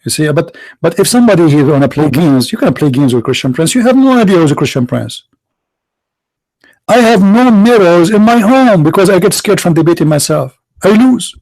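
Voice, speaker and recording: A man's voice: sits high, expressive, fairly quick, darkish tone, rough recording. A man hosting a religious debate show, mocking and confrontational, firing rhetorical questions in broken English. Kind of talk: combative religious debate monologue.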